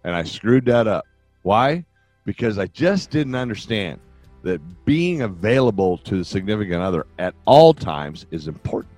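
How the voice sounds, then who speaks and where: A man's voice: lowish voice, sing-song, moderate pace, darkish tone, no echo, soft background music. An older man hosting a podcast, giving relationship advice in a rambling, joking way that keeps wandering off on tangents. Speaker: podcast host. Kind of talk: casual advice monologue.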